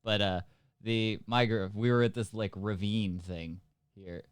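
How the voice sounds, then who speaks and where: Giggly young man with a smooth voice. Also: on the low side, steady tone, unhurried, dry recording, studio quality. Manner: joking, giggly, reads things off the screen. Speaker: podcast co-host. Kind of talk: casual chat.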